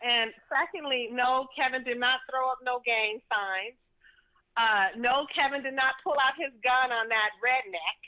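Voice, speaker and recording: Woman on a phone line, fired up and emphatic, bright high voice. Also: a little slow. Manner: indignant, emphatic, laughs often. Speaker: caller. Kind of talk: casual phone interview. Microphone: telephone.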